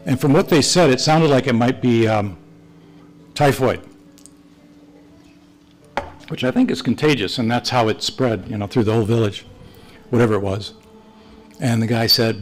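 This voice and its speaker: A man's voice: mid-range voice, normal speed, long pauses, soft background music, low-quality recording. An older man, a retired missionary priest, telling stories to a church class and acting out the dialogue. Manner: rambling anecdotal, acts out dialogue with quoted voices. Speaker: retired missionary priest teaching Sunday school. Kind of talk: storytelling talk to a church class.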